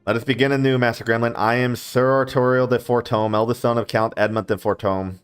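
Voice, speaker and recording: Man voicing a proud stiff young knight, formal measured delivery, mid-pitched, faint game music behind. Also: steady tone, clear, resonant tone, natural voice.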